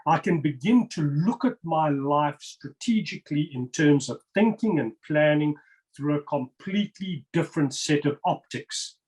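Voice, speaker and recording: A man's voice: fairly high pitch, expressive, unhurried, darkish tone, low-quality recording. Emphatic man explaining number patterns. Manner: emphatic and insistent, repeats words for stress. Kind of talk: interview, explaining over slides.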